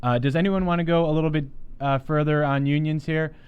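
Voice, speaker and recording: A man moderating a campaign livestream panel, reading audience questions in an energetic, jokey way. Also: fairly high pitch, a little fast, smooth, phone-quality sound. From Wisconsin. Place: campaign office event room.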